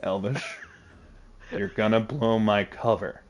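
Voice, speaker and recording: A man streams a game from home, his voice sitting a little low as he talks loosely and jokes. He breaks into laughter often, and his words reach a desk mic in a home setup. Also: takes it slowly, faint music behind. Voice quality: laughs often, jokey and animated. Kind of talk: casual live-stream gaming chat.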